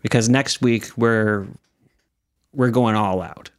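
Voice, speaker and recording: A man's voice: on the low side, takes it slowly, dry recording. A young man co-hosting a podcast, chatty and joking, laughing often. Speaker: podcast co-host. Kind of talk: casual chat.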